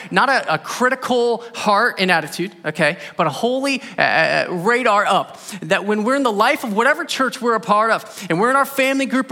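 Bright-voiced preacher in an echoey hall. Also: male voice, extremely high pitch. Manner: conversational storytelling preaching, rising with emphasis. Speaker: pastor. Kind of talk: sermon.

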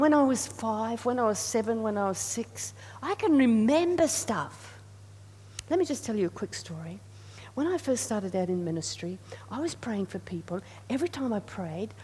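A woman's voice: mid-range voice, darkish tone, slightly rough. A woman preacher giving a sermon, earnest and repetitive, leading the congregation in call and response. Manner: earnest, repeats phrases, leads the congregation in responses. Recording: reverberant hall with faint hum.

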